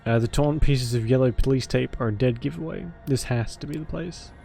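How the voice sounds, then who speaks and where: A man narrating a visual novel aloud in a measured, theatrical way. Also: medium pitch, gravelly, warm tone, faint music behind. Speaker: streamer and voice actor.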